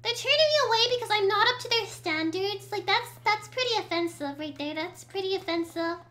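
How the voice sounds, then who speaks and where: A woman's voice: very high voice, expressive, fairly quick, sharp tone. A young woman giving bubbly, gushing let's-play commentary while she plays a video game. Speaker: gaming video creator.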